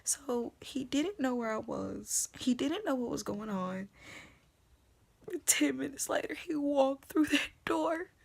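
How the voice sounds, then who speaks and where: Young woman telling her faith story, high voice with lots of vocal fry, whispers then gets loud. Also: animated, takes it slowly. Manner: swings between hushed whispering and loud emotional outbursts. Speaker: vlogger sharing her faith testimony. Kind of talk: emotional personal storytelling.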